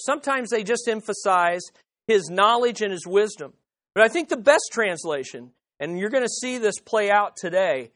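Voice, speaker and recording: A woman preaching a sermon, emphatic and leading the congregation in call-and-response. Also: a little high.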